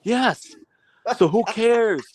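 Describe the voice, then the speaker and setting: A man's voice: high-pitched, expressive, drawn-out words, dry recording, pitched above the performer's own voice, full character voice, low-quality recording. A man playing a jealous online rival who whines out sulky threats, without attempting an accent. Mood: whiny menace. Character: jealous small-time male online rival making threats.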